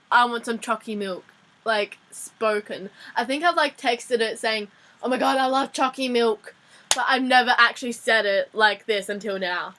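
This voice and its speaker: Young woman, Australian accent, casual vlog lesson, rambling and giggly, slightly high voice. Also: background noise. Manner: chatty, giggly, rambling with restarts. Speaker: vlogger teaching slang.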